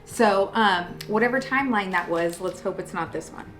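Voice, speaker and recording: A woman's voice: mid-range voice, normal speed, soft background music, low-quality recording. A woman hosting a casual cooking demonstration in a home kitchen, chatty and self-deprecating with joking asides. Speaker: cooking show host.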